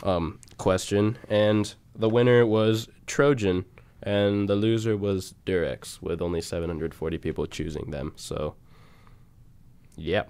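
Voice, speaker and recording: A man's voice: low-pitched, unhurried, a little mellow, clear, resonant tone. Young man rambling casually on radio. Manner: rambling, laughs often, trails off into fillers. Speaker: radio show co-host.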